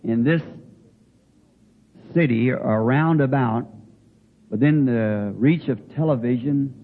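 An older man preaching in a folksy way, telling a homespun story with halting restarts. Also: mid-range voice. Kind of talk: folksy sermon anecdote. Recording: tinny phone-like old recording with faint hiss.

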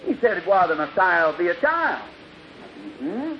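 High-voiced preacher on a hissy old recording. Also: male voice, very animated, measured pace. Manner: storytelling, acting out dialogue with sudden loud bursts and soft drops. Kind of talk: old-time revival sermon. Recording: dull lo-fi archival recording with hiss.

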